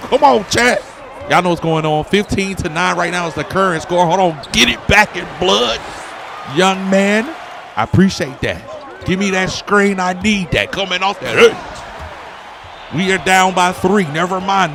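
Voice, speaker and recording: A man doing casual, slang-heavy commentary over a basketball video game, getting loud and singing along with the plays. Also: sits high, noisy background. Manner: hype, slangy, shouts and sings along with the play. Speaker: gaming YouTuber. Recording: loud game music behind the voice.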